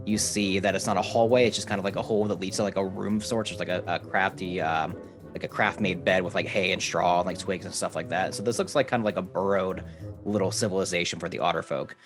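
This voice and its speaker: A man's voice: sits low, steady tone, fast talker. A man describing scenes as game master, in a loose, casual tone full of fillers. Faint music plays behind him. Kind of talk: narrating a tabletop game.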